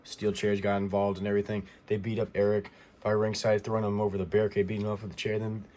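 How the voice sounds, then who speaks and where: A man's voice: lowish voice, completely flat delivery, fast, mellow. A man casually recapping a wrestling show, rambling with fillers and giving blunt opinions.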